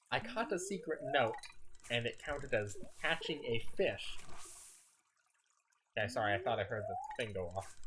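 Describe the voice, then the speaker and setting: A man's voice: mid-range voice, pushed and bright, slight background noise. A tired man streaming a game, rambling as he plays, often stumbling and restarting his sentences. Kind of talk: casual gameplay commentary.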